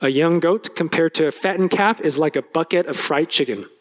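A man preaching a sermon as pastor, speaking straight to the congregation and acting out a character's complaint with a rising voice. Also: brisk. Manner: animated, acts out the older brother's complaint with rising pitch; addresses the congregation directly, asks questions.

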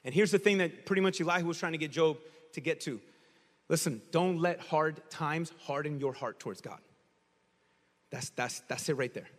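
Animated high-voiced male preacher in a hall. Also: moderate pace. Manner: animated storytelling, shouts in places. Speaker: pastor. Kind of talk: sermon.

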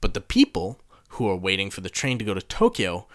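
A man ranting profanely in casual chat, building to loud exasperated outbursts. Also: low-pitched, huge pitch swings, a little fast. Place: lives near Tokyo.

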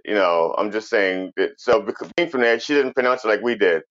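A man's voice: lowish voice, brisk, lo-fi sound. A man co-hosting a podcast in casual chat, telling stories with lots of restarts. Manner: lively storytelling, stammers and restarts.

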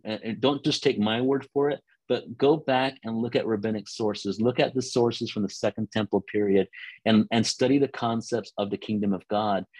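A man preaching a teaching sermon to listeners on a call line, earnest, often restarting words and slowing down for scripture. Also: medium pitch, darkish tone, slightly rough, no room sound, low-quality recording.

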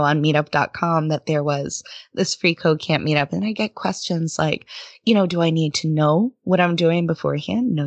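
A woman's voice: deep voice, no room sound. A woman guest on a podcast, chatting casually and animatedly, laughing often and slipping into quoted voices as she tells stories. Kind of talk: casual interview conversation.

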